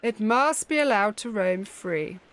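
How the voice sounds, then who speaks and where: A woman voicing an old female snake who calmly teaches meditation in a measured, instructive way. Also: mid-range voice, slight background noise. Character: old female snake, calm wise mentor.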